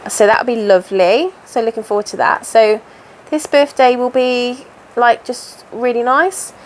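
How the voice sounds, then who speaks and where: A woman in her thirties hosting a relaxed stitch-along chat at home, rambling and interrupting herself as she works. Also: a little high, moderate pace. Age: 30s. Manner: chatty, rambling, self-interrupting. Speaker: crafting channel host. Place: home, indoors.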